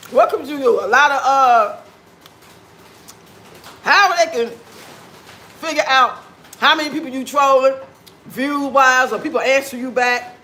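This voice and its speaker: A man with a very high, bright, sharp voice hosts a casual livestream chat while he eats. He talks with food in his mouth and answers his viewers with blunt, sassy trash talk. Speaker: livestream host.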